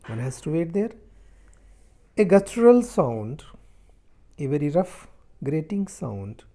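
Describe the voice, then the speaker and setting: A male teacher reads a story aloud and explains it line by line, restating each sentence in simpler words with halting restarts. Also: on the high side, vocal fry, dark tone.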